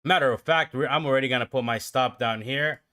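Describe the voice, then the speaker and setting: A man giving live trading commentary on his own stream, talking to himself and his viewers and swinging from calm explaining to excited outbursts. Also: mid-range voice, a little fast. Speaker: livestream day trader.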